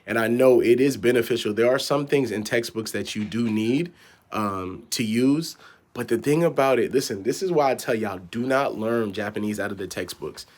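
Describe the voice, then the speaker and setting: A man's voice: mid-range voice, moderate pace. A young man giving casual vlog advice, rambling with many fillers and repeated words. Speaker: vlogger.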